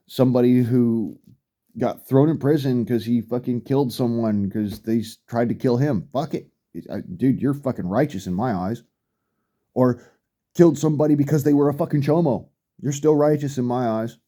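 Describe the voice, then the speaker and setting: A middle-aged man with a very dark, mellow voice rants bluntly to the camera. He swears heavily and repeats his points for emphasis. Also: mid-range voice. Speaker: vlogger. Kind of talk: profane rant.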